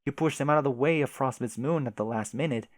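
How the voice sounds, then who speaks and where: A man reading aloud and voicing a patient companion who speaks to a grieving girl in a gentle, hushed, coaxing way. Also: mid-range voice, fast talker, no room sound, lightly acted.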